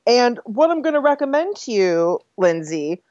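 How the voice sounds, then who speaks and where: A woman co-hosting a podcast, talking in loose, chatty fashion with an animated, swooping pitch. Her voice comes through slightly dull and dry, with no room around it. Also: moderate pace, no room sound. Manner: chatty, a bit scattered, reads listener mail aloud. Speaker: podcast co-host. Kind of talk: casual chat.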